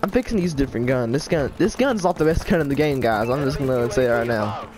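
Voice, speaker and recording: A man's voice: mid-range voice, fast talker. A man giving rambling, frustrated gameplay commentary in a whiny tone. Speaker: gaming YouTuber.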